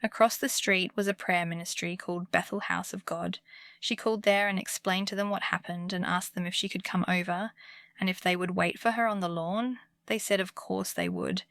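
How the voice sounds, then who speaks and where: A woman narrates true scary stories in a calm, soothing bedtime manner. Her voice is bright and edged with a gravelly fry. The recording is close and dry, with no room sound. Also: lowish voice, normal speed, no echo. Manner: calm, comforting delivery. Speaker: horror story narrator. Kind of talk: scripted bedtime horror narration.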